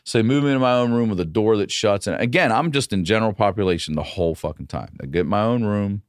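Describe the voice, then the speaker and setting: A man, a comedian guest on a podcast, telling a story in a casual, profane and animated way. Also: on the low side, fast, dry recording, clean studio sound.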